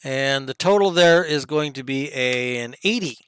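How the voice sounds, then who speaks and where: A young man narrating and running a tabletop game as game master, casual with quick asides. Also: mid-range voice, a bit bright, smooth, no room sound, clean studio sound.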